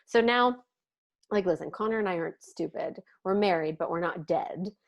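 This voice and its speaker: A woman from Canada, a podcast guest in casual chat, telling stories with animated acted-out quotes and casual swearing. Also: lowish voice, normal speed. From Ontario, Canada.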